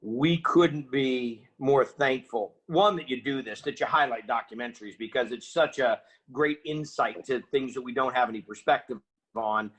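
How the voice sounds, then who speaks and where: A middle-aged man, an interview guest, telling an animated story and acting out the voices of people in it. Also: mid-range voice, normal speed. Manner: energetic, acts out quoted voices.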